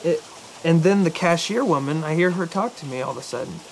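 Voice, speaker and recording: A young man in a film telling a rambling anecdote to a friend, halting and correcting himself as he goes. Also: on the high side, lively intonation, vocal fry, slight background noise, rough recording. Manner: halting, hesitant, self-correcting.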